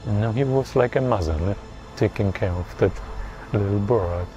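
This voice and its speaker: A man's voice: fairly low pitch, normal speed, mellow, muffled recording, soft background music. A man recalling his teacher's kindness, often ending sentences with a questioning "no?". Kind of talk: reminiscent talk.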